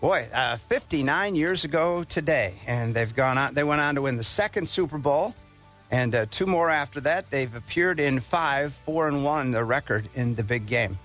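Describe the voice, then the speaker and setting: A man hosting a morning radio show, reading daily history items and a devotional in a plain, steady way. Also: medium pitch, moderate pace, soft background music. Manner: reads with plain, steady delivery and fillers.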